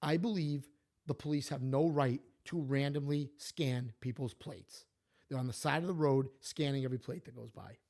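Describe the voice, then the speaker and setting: A man, co-hosting a podcast, telling stories and opinions in an animated, emphatic way. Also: mid-range voice, moderate pace. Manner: animated, emphatic, repeats himself. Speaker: podcast co-host. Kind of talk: casual opinionated storytelling.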